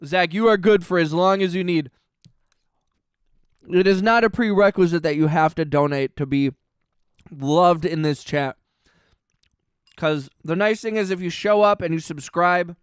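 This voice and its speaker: A man's voice: high-pitched, measured pace, long pauses, clean tone, dry recording, studio quality. A man hosting a casual livestream, reading chat aloud and joking sarcastically. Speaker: livestream host. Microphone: close mic on stream.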